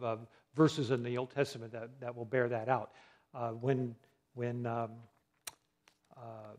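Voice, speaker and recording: A man's voice: mid-range voice, a little mellow. A man teaching a Bible study lesson, putting questions to his listeners and answering them himself, and spelling out words letter by letter. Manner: spells out words letter by letter, many fillers and restarts.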